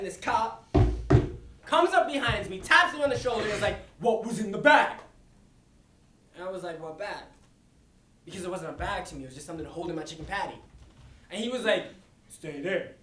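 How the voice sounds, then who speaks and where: A man's voice: sits high, background noise. A young man playing a chatty teen boy in a staged reading monologue, telling his story in a rambling, casual way. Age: young adult. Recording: echoey stage filmed from far off.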